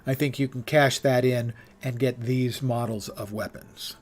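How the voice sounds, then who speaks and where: An older man chats through a casual game stream, dry and self-mocking, with the odd curse word. His voice is wearing thin and hoarse. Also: medium pitch, steady tone, measured pace, slight background noise. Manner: wry, rambling, swears casually. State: losing his voice. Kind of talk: casual live-stream commentary.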